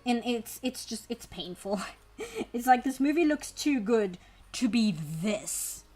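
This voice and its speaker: An art streamer draws on a live stream while chatting casually, her voice on the high side with lively intonation, an unhurried pace, and a dark tone. She rambles wryly, pokes fun at herself, and reads and answers chat messages. Faint music plays in the background.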